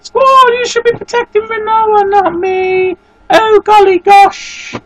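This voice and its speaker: A man doing a high, fluttery posh young woman. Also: steady tone, takes it slowly, noisy background. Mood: fretful.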